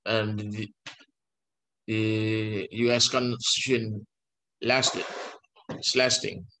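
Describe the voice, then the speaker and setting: An older man, a law professor giving a university lecture in English, slow and halting, with frequent pauses and restarts. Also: lowish voice, level tone, bright, forceful tone. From Indonesia. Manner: mixes in Dutch legal text.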